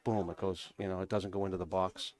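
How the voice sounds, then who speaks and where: A man with a New England accent talks casually on a cigar podcast, rambling through stories and laughing easily. His voice sits low. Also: level tone, quick pace, a little mellow. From New Hampshire. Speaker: podcast co-host from a cigar company. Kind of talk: casual chat.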